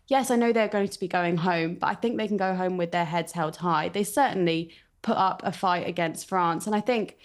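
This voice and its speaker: A woman's voice: lowish voice, moderate pace, hardly any pauses. A woman, a football reporter giving earnest, enthusiastic analysis in a casual chat.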